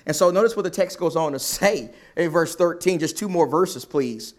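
Male preacher, high voice, lively sermon, plays out characters' lines. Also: normal speed. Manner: animated, acts out characters' lines.

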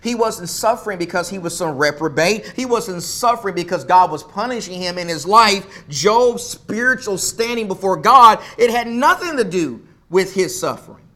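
A man's voice: sits high, lively intonation, normal speed, hardly any pauses, a bit bright. A man preaching a sermon as pastor, emphatic, repeating phrases for stress.

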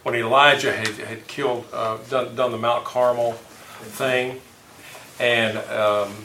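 A man's voice: medium pitch, flat delivery, slow, bright, forceful tone, a little hiss or hum. A man leading a casual group Bible discussion, telling stories with rambling self-corrections. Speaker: Bible study leader. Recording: echoey room, mic far off.

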